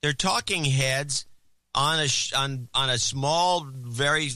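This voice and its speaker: A man's voice: medium pitch, takes it slowly, bright, forceful tone, no room sound. A male co-host in casual banter, cutting in with blunt wisecracks.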